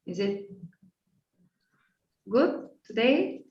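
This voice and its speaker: A woman's voice: a little high, sing-song, drawn-out words, roomy sound, recorded from a distance, highs cut off. A woman with a Korean accent teaching a beginner language class, repeating phrases and checking in with her students. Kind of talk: online language lesson.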